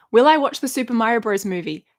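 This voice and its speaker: A woman, chatting casually on a live stream and answering viewer questions, rambling and laughing often. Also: fairly high pitch. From Australia. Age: 30s. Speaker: YouTuber hosting a live stream. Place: at home in her bedroom.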